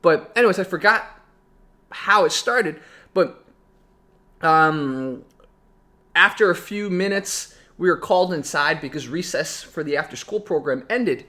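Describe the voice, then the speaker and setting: A young man with a fairly high-pitched voice talks through a childhood memory for his vlog. He rambles, doubles back and restarts sentences, keeping it personal and reflective. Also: pushed and bright. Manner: rambling, with frequent restarts and asides. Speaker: vlogger.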